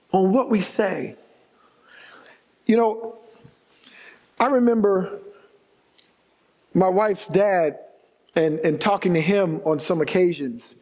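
High-pitched male preacher, storytelling sermon with emphatic repeats; church hall reverb. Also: darkish tone. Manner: storytelling preacher, emphatic repetition, varied pace. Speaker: pastor.

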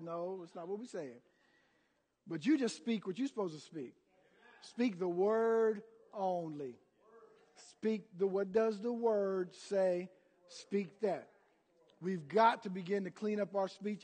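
Pastor guy preaching hard, really high pitched, big echo in the sanctuary. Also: darkish tone. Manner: emphatic, call-and-response preaching. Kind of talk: sermon.

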